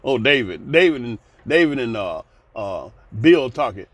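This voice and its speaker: A man's voice: mid-range voice, big pitch swings, normal speed, fairly bright tone, no echo. A man in his sixties giving blunt, folksy commentary, ranting and sighing between points. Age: 60s. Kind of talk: casual commentary vlog.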